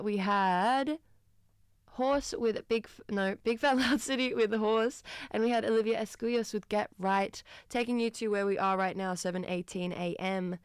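An Australian woman presenting radio in a chatty, upbeat way, with a few ums along the way. Her voice is smooth and resonant, with a touch of gravel in it. The studio mic sounds close and dry. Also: mid-range voice, no echo. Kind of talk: casual radio announcing. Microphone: studio microphone.

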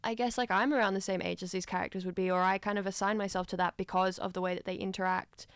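A woman's voice: mid-range voice, steady tone, clean tone, dry recording, studio quality. A young woman co-hosting a radio show, chatting casually about a film with lots of fillers. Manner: chatty, fast, with many fillers. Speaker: radio co-host.

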